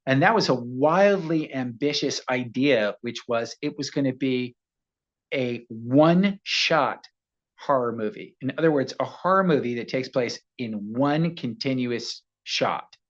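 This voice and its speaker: An American man, an actor, telling animated anecdotes as a guest, slipping into voices as he goes. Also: medium pitch, a little slow, dull audio. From United States. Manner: animated storyteller, slips into voices. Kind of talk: casual interview anecdote.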